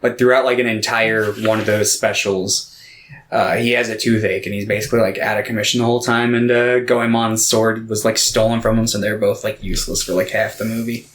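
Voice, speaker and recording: A man's voice: lowish voice, little pitch movement, a little fast, few pauses, a bit bright, slight background noise. A man co-hosting a podcast, chatting casually with a laid-back delivery, trailing off into fillers and asides. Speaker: podcast co-host. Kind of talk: casual chat about anime.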